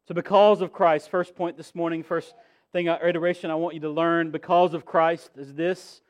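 High-voiced man preaching with swelling emphasis. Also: fairly even intonation, normal speed. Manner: earnest preaching with repeated phrases, swelling emphasis. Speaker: pastor. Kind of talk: sermon.

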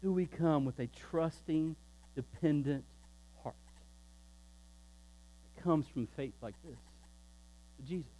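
A pastor preaching a sermon, emphatic and shifting between loud preaching and quiet, low asides. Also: male voice, takes it slowly, pauses often, poor audio.

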